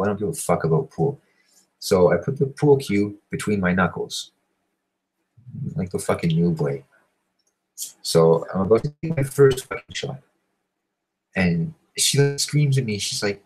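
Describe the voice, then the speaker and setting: A man telling a crude, rambling story, swearing constantly and filling every pause. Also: low-pitched, animated, darkish tone, breathy edge, rough recording. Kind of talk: profane storytelling monologue.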